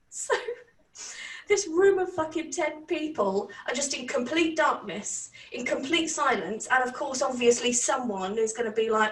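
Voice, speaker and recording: A woman with a British accent telling a story in a casual, animated way, laughing often and swearing. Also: high voice, unhurried. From Britain. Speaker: channel host. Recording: roomy, distant from mic.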